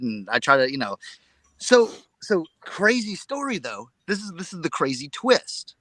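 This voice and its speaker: A man co-hosting a casual live chat, telling a story in an excitable, rambling way and repeating his words. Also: fairly high pitch, moderate pace, dry recording. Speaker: reseller show co-host.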